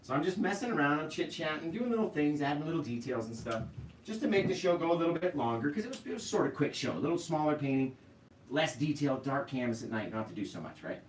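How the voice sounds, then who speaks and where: Chatty painting teacher in a roomy room. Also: male voice, on the high side, animated, fast. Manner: chatty, talks straight to viewers with frequent "right?". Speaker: painting instructor. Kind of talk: live painting tutorial, casual storytelling. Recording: roomy, mic at a distance, faint hiss.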